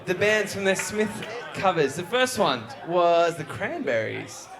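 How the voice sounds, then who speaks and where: A man hosting a live music trivia show, reading questions briskly and joking with the guests. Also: sits high, sing-song, vocal fry. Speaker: quiz show host. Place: live venue before an audience. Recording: live show with crowd audible. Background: audience crowd.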